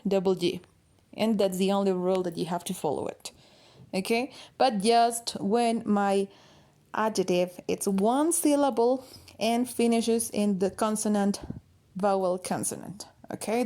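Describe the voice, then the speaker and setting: A woman with as her teaches an English grammar lesson, walking through each rule step by step. She spells words out letter by letter and keeps checking that her students follow. Her pitch sits in a middle range for a woman. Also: dark tone. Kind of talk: grammar lesson explaining slides.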